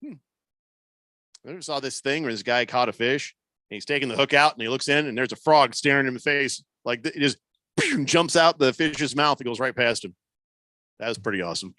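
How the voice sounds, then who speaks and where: A man's voice: mid-range voice, brisk, pushed and bright, no room sound. A man hosting a sports radio show, chatting casually, joking and reading out listener texts. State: losing his voice. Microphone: studio microphone.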